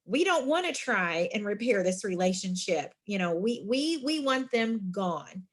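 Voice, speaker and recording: A woman's voice: mid-range voice, measured pace. Friendly woman giving a leadership talk. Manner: friendly, addresses listeners as friends; lively storytelling with emphatic asides. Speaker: university student involvement director.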